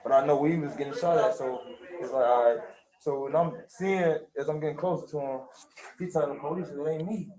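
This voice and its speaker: A man from Chicago talks bluntly, clearly amazed at what he saw. His voice sits a bit high for a man, and a loud crowd carries on behind him. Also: brisk, rough recording. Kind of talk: casual recollection. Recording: clip with crowd noise behind.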